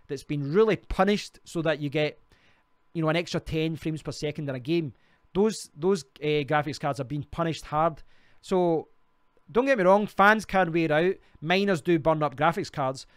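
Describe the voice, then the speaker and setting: Scottish streamer, Glasgow accent, rambling host reading comments, clean resonant tone. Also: male voice, fairly high pitch, moderate pace, clean tone, no room sound, studio quality. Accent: Glaswegian Scottish. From Scotland. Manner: rambling, restarts often, chatty. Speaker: livestream host. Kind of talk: casual live stream chat reading comments.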